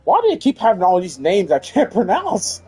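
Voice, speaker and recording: A man's voice: sits high, huge pitch swings, moderate pace, a little mellow, faint music behind. A man from Tennessee with a Southern US accent, chatting loosely and jokingly while streaming a game. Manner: rambling, jokey, many "uh" and "or whatnot". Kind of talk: casual let's-play chat.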